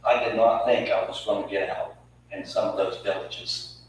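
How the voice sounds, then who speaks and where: A man preaching a sermon with emphatic delivery, swinging from loud to hushed. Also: sits low, steady tone, moderate pace, a little hiss or hum. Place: church sanctuary. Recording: echoey church hall from far off.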